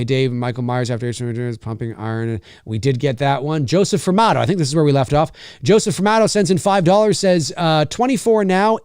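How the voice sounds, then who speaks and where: A man hosting a podcast, giving animated live commentary on a movie like a showman. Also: medium pitch, clean tone, no room sound, clean studio sound. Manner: animated, showman-like, keeps saying "ladies and gentlemen". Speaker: podcast host.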